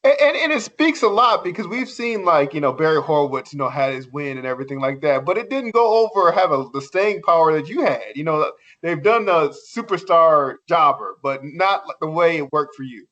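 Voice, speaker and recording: A man's voice: on the high side, lively intonation, a little fast, fairly bright tone. A man co-hosting a podcast, making casual, rambling comments with many fillers. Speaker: podcast co-host. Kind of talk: casual chat. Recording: dull lo-fi sound.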